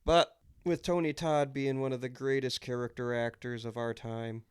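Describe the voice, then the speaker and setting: A man's voice: medium pitch, level tone, clear, resonant tone. A man co-hosting a podcast, chatting casually and emphatically about a film, often restarting his sentences. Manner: enthusiastic, emphatic, with quick restarts. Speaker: podcast co-host. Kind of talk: casual movie chat.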